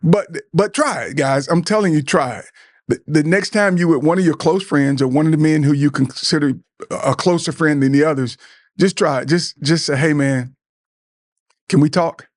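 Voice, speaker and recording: A middle-aged man with a slightly high voice gives an earnest talk to other men, urging them to open up. He talks like a preacher, repeats words and stumbles over them, and slips into the voices of friends he quotes. The sound is close and dry. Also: moderate pace, dry recording. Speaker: podcast host.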